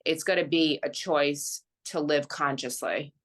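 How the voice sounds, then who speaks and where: A woman, an intuitive reader, talking in casual chat, halting and thoughtful with many fillers. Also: low voice, a bit bright.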